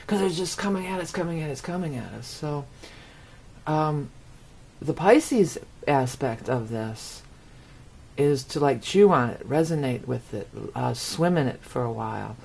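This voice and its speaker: A woman's voice: low voice, animated, moderate pace, a little mellow, slightly rough. A woman from the United States giving a rambling astrology forecast, often repeating words for emphasis. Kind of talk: casual monologue forecast.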